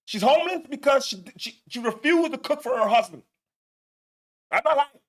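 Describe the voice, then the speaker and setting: A man. He is loud and animated, curses heavily and repeats himself as he talks. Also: very high-pitched, moderate pace. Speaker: show host reacting to clips. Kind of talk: profane live reaction commentary.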